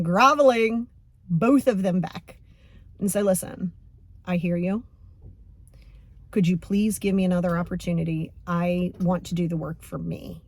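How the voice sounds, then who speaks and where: A woman's voice: medium pitch, dry recording. A young adult woman hosting a podcast as a coach, talking bluntly and casually, acting out quotes as she tells a story. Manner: blunt, animated, acts out quoted voices. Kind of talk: casual motivational podcast talk.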